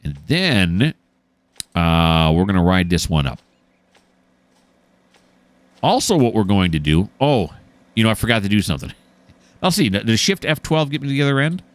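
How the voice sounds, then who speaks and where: A man's voice: fairly low pitch, very animated, normal speed, long pauses, no echo. A man giving casual, enthusiastic commentary while playing a train simulator, explaining each step as he goes. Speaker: gameplay streamer.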